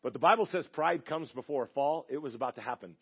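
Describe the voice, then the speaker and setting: A man's voice: mid-range voice, animated, quick pace, slightly rough, muffled recording. A man preaching a sermon as pastor, telling a story in a chatty, joking way with acted-out voices. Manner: chatty, jokey, acts out quoted voices.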